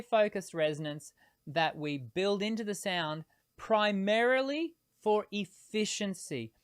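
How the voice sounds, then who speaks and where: A man hosting a live singing Q&A as a voice teacher, explaining technique patiently and pausing to demonstrate tones, with frequent hesitations between points. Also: high-pitched, no echo, clean studio sound. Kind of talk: live-streamed Q&A.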